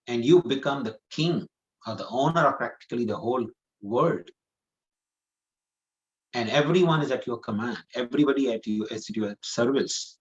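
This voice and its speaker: A man's voice: mid-range voice, muffled recording. A man giving a scripture class, telling a story earnestly and repeating phrases for emphasis. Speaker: preacher.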